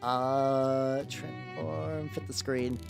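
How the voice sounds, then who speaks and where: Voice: mid-range voice, steady tone, extremely slow, gravelly. A streamer chatting casually with live viewers while painting miniatures, rambling and leaning hard on "like", with lots of restarts. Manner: rambling, heavy use of 'like', frequent restarts. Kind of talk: casual livestream chat with viewers. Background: faint background music.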